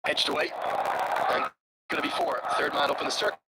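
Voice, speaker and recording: A man with an Irish accent giving live cricket commentary, chatty and wry with joking asides. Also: brisk. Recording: loud background noise over commentary.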